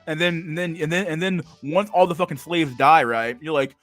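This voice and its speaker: A man with a slightly high voice rants on a livestream, swearing constantly and tripping over repeated words as he laughs along. His voice is close and dry, with faint music playing underneath. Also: a little fast, hardly any pauses, fairly bright tone, no room sound. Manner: profane, stammering repetitions, frequent laughter. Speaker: streamer reading and reacting to chat. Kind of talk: casual livestream rant.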